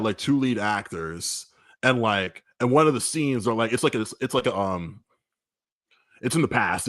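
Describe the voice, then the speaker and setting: A man co-hosting a casual music review chat, telling stories in an animated, profane way with frequent laughs. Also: lowish voice, dry recording, clean studio sound. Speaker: podcast co-host.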